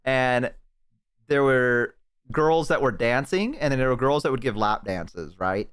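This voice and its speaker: A man's voice: mid-range voice, measured pace, a bit bright, clear, resonant tone. A man streaming from home on a headset, telling a story to his chat in a rambling, swearing, laughing way. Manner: profane, rambling, bursts of laughter.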